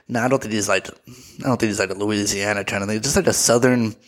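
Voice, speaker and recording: A man's voice: mid-range voice, fairly quick. A man with an American accent hosting a podcast, talking in a casual, rambling monologue full of fillers and offhand swearing. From United States. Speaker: podcast host.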